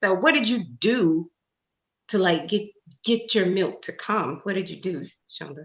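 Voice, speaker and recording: A woman co-hosting a casual chat who speaks softly and easily. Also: fairly low pitch, lively intonation, unhurried, reverberant, muffled recording. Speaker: co-host.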